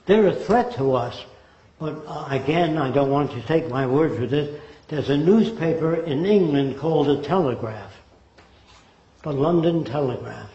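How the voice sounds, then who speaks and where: An older man lectures with emphatic rhetorical questions. His voice sits a little high and mellow. The recording is dull and echoes around the room. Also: expressive, moderate pace.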